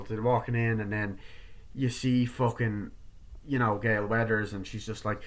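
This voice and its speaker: A man's voice: mid-range voice, a bit bright. A man giving a casual movie review, rambling with lots of fillers and briefly acting out characters' lines. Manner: rambling, acts out characters' lines in quick impressions; heavy use of filler words like "like" and "you know". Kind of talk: casual film review vlog.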